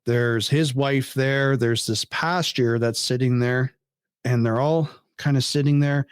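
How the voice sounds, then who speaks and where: A man as a podcast guest, telling a story in casual chat, animated and incredulous, swearing freely. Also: mid-range voice, a little slow, clear, resonant tone, no echo, studio quality.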